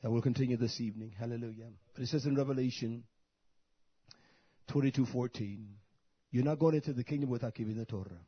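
Husky-voiced male preacher, blunt sermon. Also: medium pitch, fast talker, no echo. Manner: preaching with frequent hallelujahs and Hebrew terms; blunt, scolding. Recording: dull, lo-fi dry recording.

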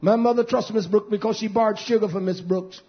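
Male preacher with a high voice, fiery and scolding, muffled lo-fi sound. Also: steady tone, brisk. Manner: fiery, scolding, swings between shouted and hushed lines. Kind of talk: fiery sermon. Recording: dull lo-fi recording.

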